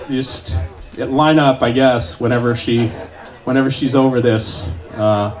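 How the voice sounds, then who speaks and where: A man in his late forties performing a stand-up set at an open mic, telling stories in a deadpan way with self-aware asides. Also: medium pitch, a little slow. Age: 40s. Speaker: stand-up comedian. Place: small club stage with live audience.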